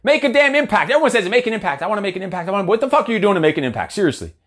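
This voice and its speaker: A man's voice: high-pitched, very animated, very fast, fairly bright tone. A man in his forties, a coach giving a blunt, profane, fired-up motivational talk. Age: 40s. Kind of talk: motivational monologue.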